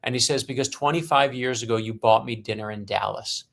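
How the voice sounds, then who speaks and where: Fairly quick and creaky, with a medium pitch, this Brooklyn author in his fifties spins stories as a podcast guest. He's an animated storyteller who performs the dialogue he quotes.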